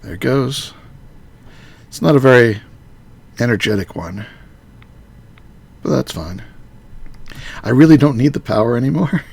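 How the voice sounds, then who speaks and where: A man casually talking through a modded game on a live stream, muttering to himself with halting fillers. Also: medium pitch, expressive, gravelly, darkish tone, breathy edge.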